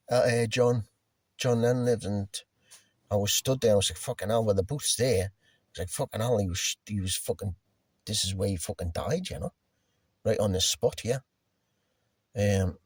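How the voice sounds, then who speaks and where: A man's voice: lowish voice, vocal fry, darkish tone, breathy edge, no echo, studio quality. A man casually telling a personal story, rambling and swearing, with lots of restarts and fillers. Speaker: musician telling a personal anecdote.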